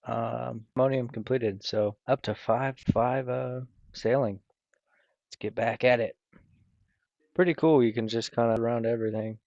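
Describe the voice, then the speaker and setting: A man's voice: medium pitch, steady tone, moderate pace, creaky, darkish tone, no room sound. A man giving casual commentary over his own gameplay, loose and rambling, with many fillers and restarts. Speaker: gaming video creator. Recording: dull, lo-fi, dry voice recording.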